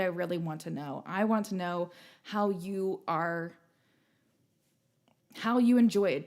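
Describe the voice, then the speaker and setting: A woman hosting a live streamed show, chatting casually and firing excited questions at her viewers. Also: fairly low pitch. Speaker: livestream show host. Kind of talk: casual chat to a live audience.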